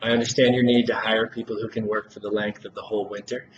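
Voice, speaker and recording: Man giving a persuasive sales pitch. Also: level tone, quick pace. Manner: persuasive, addresses the listener by name often. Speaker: salesperson in a sales role-play. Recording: dull lo-fi recording with clear background noise.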